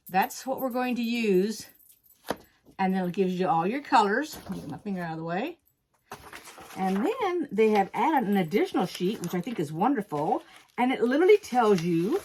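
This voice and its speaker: This casual sewing tutorial features a woman with a mid-range, somewhat dark voice, a little out of breath as she explains fabric cutting for her quilting channel. She's chatty and folksy, stopping now and then to fix what she said. Recorded at her home sewing table, there's a touch of background noise.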